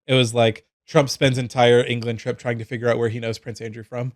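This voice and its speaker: A man's voice: medium pitch, a little fast. A man co-hosting a casual podcast, swearing freely and ranting with energy. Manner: profane, animated ranting. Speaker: podcast co-host. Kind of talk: casual chat.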